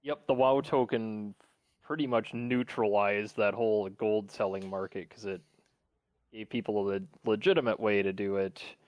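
A man's voice: fairly low pitch, steady tone, moderate pace, no echo. A man co-hosting a podcast, chatting loosely and rambling with lots of fillers. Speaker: podcast co-host. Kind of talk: casual chat.

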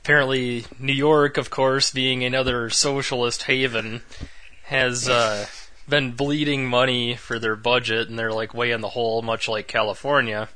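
Blunt, opinionated man with a bright voice. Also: mid-range voice, level tone, normal speed, no room sound. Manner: blunt, opinionated, swears casually. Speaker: podcast co-host. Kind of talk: casual chat.

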